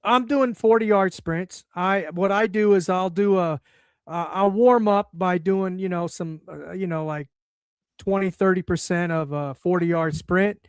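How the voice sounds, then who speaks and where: A man in his sixties chats in a relaxed, easygoing way, circling back with fillers and repeated words. His voice sits high and sounds smooth and resonant. The recording is dry and close. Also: unhurried, no echo. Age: 60s. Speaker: guest. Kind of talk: casual chat.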